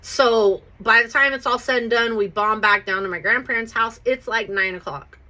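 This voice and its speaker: Bright-voiced woman telling a wild story. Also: fairly high pitch, moderate pace. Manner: profane, animated, keeps checking in with "right?". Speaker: podcast host telling her life story. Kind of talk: casual personal storytelling.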